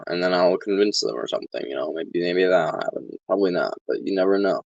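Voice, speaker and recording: A man with a very low voice delivers a casual vlog monologue. His tone is sarcastic and deadpan, and he swears often. The recording is dry and slightly dull. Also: fairly quick, creaky, few pauses, no room sound. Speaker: vlogger.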